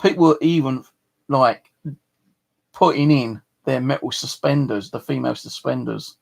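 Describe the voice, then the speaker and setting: A man's voice: medium pitch, moderate pace, vocal fry, darkish tone. A middle-aged man with a southeast English accent, rambling and swearing freely as he tells stories to his channel. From southeast England. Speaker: channel host. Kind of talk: casual storytelling to camera.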